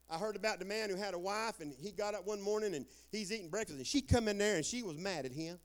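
A man preaching a sermon in a folksy storytelling way, joking with the congregation and dropping into quiet asides. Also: high-pitched, fast talker, few pauses. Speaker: guest preacher.

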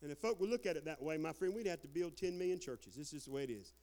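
A man preaching a lively sermon as pastor, folksy and whooping, with shouted outbursts. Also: on the high side, fast.

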